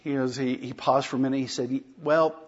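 A pastor preaching a sermon in a conversational way, often asking the congregation rhetorical questions. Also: male voice, mid-range voice, monotone, quick pace, slightly rough, highs cut off.

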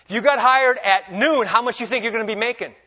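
A man preaching a sermon, swinging between loud emphasis and hushed, humorous asides. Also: very high voice, fast. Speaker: pastor. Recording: dull lo-fi recording.

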